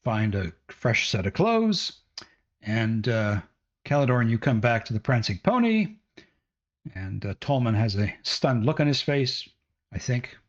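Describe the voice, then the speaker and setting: Slow-talking game master, man. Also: mid-range voice, very animated, dull audio. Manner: slow narration with frequent fillers. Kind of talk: narrating a tabletop game.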